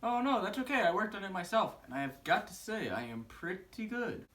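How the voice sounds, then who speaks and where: Young man as a clueless overconfident boy, stammering and goofy, high bright voice. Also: big pitch swings, brisk, recorded from a distance. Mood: smug. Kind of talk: student comedy skit.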